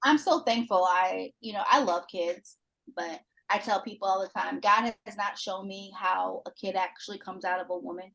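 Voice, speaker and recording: A woman in her forties from Chicago, chatting casually on a podcast and telling animated stories full of acted-out quotes. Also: mid-range voice, moderate pace, creaky, rough recording. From Chicago, USA. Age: 40s. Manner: animated storyteller who acts out quoted people.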